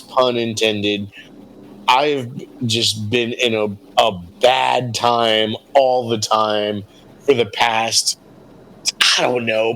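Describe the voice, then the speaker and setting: A man's voice: mid-range voice, fairly bright tone, a little hiss or hum, low-quality recording. A man playing a tabletop role-playing game, talking in a stammering, rambling, apologetic way. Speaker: player. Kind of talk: casual tabletop role-play.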